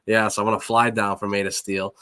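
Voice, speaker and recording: A young man chatting casually as a podcast guest, laid-back and quick to laugh. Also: lowish voice, little pitch movement, pushed and bright, smooth.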